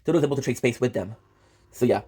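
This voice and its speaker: A man giving casual, excitable reaction commentary on a manga, swearing often and full of fillers and restarts. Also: mid-range voice, rapid-fire, husky. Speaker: manga reviewer.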